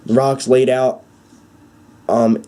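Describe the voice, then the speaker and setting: A young man giving an excited, rambling fan recap with many fillers and restarts. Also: mid-range voice, slow pace, clean tone. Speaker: wrestling fan vlogger.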